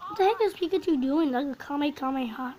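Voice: sits high, animated, fast talker, a little mellow, faint music behind, low-quality recording. A young person reacting to a show in casual, emotional commentary, exclaiming and close to tears. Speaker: reaction video host.

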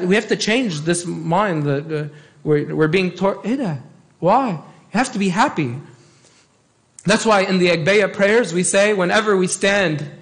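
A man, a priest giving a sermon and pressing his points by repeating them. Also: sits high. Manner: emphatic, repeats key phrases.

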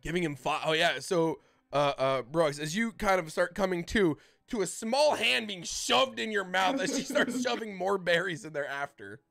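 A man running a tabletop role-playing game as dungeon master, narrating in a casual, halting way with frequent restarts. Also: sits high, gravelly, a bit bright. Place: home streaming setup.

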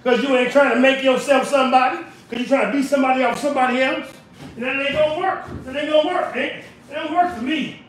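A man's voice: very high-pitched, fast talker, slight background noise. A man from California livestreaming from his home kitchen, ranting in a preachy, repetitive, emphatic way. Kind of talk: casual livestream rant. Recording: very echoey room, voice far off.

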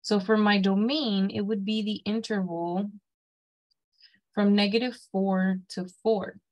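A woman's voice: medium pitch, fairly even intonation, slow, a little mellow, low-quality recording. A woman lecturing a college math class, explaining step by step and checking in with "okay?" after each point. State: has the hiccups. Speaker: math instructor.

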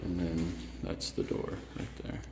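A man's voice: unhurried, background noise. A middle-aged man, a gardening vlogger, chatting enthusiastically through a casual travel vlog.

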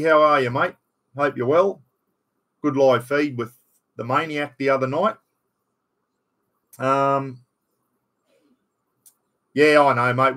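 An Australian man with a medium-pitched, sharp-toned voice hosts a casual livestream. He rambles in a matey way, greets viewers by name and swears bluntly.

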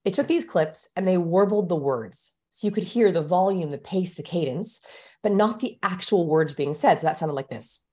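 A woman guest expert explaining things in a brisk, emphatic way during an interview. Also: fairly low pitch, expressive, warm tone.

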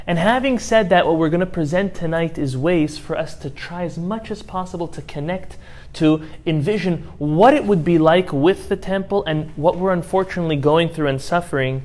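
A man, a rabbi, giving a sermon through a story, moving from quiet retelling to impassioned outbursts. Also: on the high side, moderate pace. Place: synagogue.

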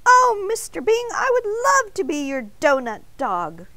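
A woman voicing a cheerful young male talking doughnut with a squeaky, excitable manner, in a storybook read-aloud. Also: a little slow, no room sound, heavily acted. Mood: excited.

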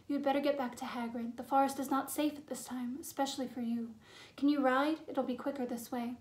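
A woman's voice: sits high, fairly even intonation, brisk, darkish tone, lightly acted. A woman reading aloud, voicing a wise, earnest young male centaur who speaks with grave urgency. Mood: concerned.

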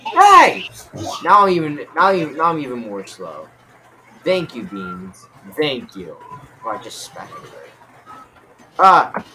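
A young man giving excitable game commentary, rambling and yelping in panic. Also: on the low side, slight background noise. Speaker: gaming YouTuber.

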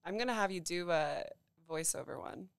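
A woman's voice: fairly low pitch, moderate pace, clear, resonant tone, dry recording, clean studio sound. A young adult woman guest in a casual podcast chat, easygoing, laughing and trailing off mid-sentence. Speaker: account strategist, guest.

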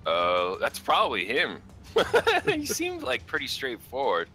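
A man in casual gaming chat with friends, excitable and giggly, swearing often. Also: medium pitch, takes it slowly, soft background music. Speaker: gamer.

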